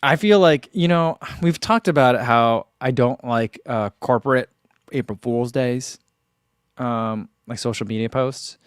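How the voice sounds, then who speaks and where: A man's voice: mid-range voice, measured pace, clear, resonant tone, no room sound, clean studio sound. A man hosting a running channel, chatting casually on a livestream, rambling in an easygoing way with many fillers while reading viewer comments. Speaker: running channel host reading live chat.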